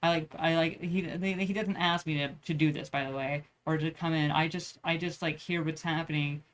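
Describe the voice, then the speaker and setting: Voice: mid-range voice, steady tone, normal speed, fairly bright tone. Young vlogger, loose rambling chat while drawing, swears a lot. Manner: rambling, profane, many restarts.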